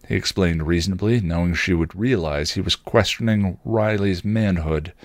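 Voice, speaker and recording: A man hosting a podcast, reading fan fiction aloud and signing off in a relaxed, grateful way with small hesitations. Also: deep voice, normal speed, hardly any pauses, no room sound, studio quality. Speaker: podcast host.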